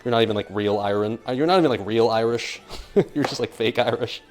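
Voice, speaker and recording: A man's voice: medium pitch, lively intonation, unhurried, pauses often. A young American man cooking on a live stream, rambling and joking as he reads chat aloud. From United States. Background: faint music.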